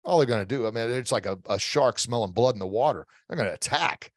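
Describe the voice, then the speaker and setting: A man's voice: mid-range voice, lively intonation, quick pace, no room sound, clean studio sound. A middle-aged man speaking as a guest expert in an interview, giving emphatic motivational coaching advice with repeated phrases and frequent restarts.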